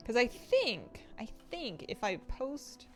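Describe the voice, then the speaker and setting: Woman, casual game streamer: high, bouncy, giggly, faint music behind. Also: huge pitch swings, slow pace, darkish tone. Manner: chatty, giggly, baby talk to her pets.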